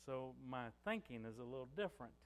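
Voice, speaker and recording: A man's voice: medium pitch, lively intonation, a little fast, in a large hall. An older man preaching a sermon as pastor, in a conversational way with many "you know" fillers.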